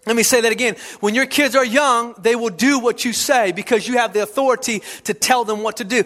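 A middle-aged man preaching a sermon to parents, repeating key lines and rising into sudden shouts. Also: extremely high pitch, fairly even intonation, fairly quick, hardly any pauses. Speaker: pastor.

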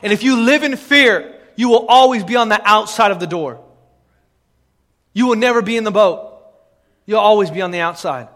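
A man preaching a sermon as pastor, building into impassioned, shouted exhortation. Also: high-pitched, normal speed, long pauses. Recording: long reverb of a large hall.

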